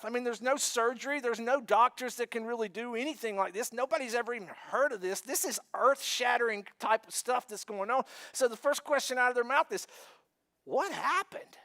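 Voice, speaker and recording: Man, pastor, sermon, very high voice, animated, joking, acts out scenes. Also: fast, few pauses.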